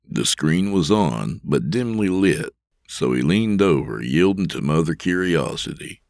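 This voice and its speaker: Very deep-voiced male story narrator. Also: creaky, dry recording, studio quality. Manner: steady, measured storytelling. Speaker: narrator, podcast host. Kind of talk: scripted fiction narration.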